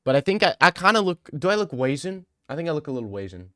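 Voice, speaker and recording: A man's voice: fairly high pitch, big pitch swings, fast, sharp tone, dry recording, studio quality. A young man streaming casually, answering viewer messages in a crude, rambling, joking way.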